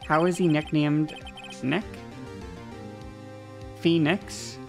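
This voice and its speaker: A woman streamer chatting through a game with wry, self-mocking remarks. Her voice is low and gravelly, and she speaks unhurriedly. Faint music plays under her. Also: moderate pace. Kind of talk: casual let's-play commentary.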